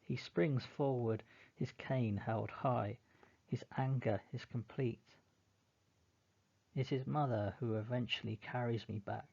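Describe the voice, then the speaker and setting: Male audiobook narrator, slow and mournful, with vocal fry. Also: mid-range voice, steady tone, a little mellow, lo-fi sound. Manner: slow, measured, mournful reading. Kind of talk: first-person storybook reading.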